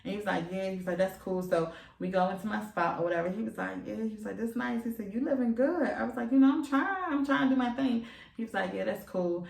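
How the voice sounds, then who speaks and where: A woman's voice: medium pitch, quick pace, vocal fry, a little mellow, roomy sound, recorded from a distance. A young woman in her twenties telling a frank personal story to her viewers, emphatic and profane. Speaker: vlogger. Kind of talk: candid storytelling. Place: room at home, seated.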